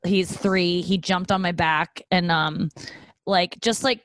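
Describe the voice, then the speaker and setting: A young woman co-hosting a podcast in casual chat, telling stories and acting out quotes in a high voice. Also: slow pace, no echo. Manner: animated storyteller, acts out quotes in a high voice. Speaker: podcast co-host.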